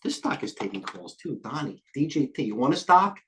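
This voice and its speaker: An older man hosting a live trading stream, talking quickly and jumping between stock tickers, a little out of breath. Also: mid-range voice, sing-song, fairly bright tone. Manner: rapid, scattered, jumps between tickers. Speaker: trading show host. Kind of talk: live market commentary.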